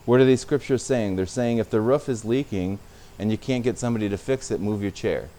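A man's voice: mid-range voice, a little fast, dark tone, a little hiss or hum. A man preaching a sermon as a pastor, speaking conversationally and sometimes repeating words.

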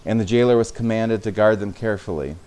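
A man's voice: fairly low pitch, fast, a little mellow. A man preaching a sermon as a pastor, speaking conversationally and sometimes repeating words.

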